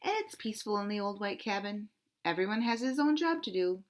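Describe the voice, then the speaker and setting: A woman reading a picture book aloud to children, animated and interactive, asking questions about the pictures. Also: medium pitch, fairly quick.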